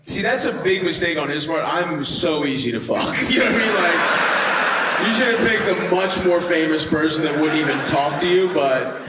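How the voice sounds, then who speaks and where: A male stand-up comedian doing crowd work, loud and profane, teasing the audience and laughing. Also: fairly high pitch, expressive, moderate pace, background noise. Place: comedy club stage with audience. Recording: echoey live club recording with loud ambience.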